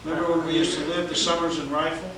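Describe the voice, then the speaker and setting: An evangelist shares his testimony in a storytelling conversation, his high-pitched voice animated and fast. He laughs often and acts out other people's lines. The mic sits at a distance in a very echoey room, with background noise audible.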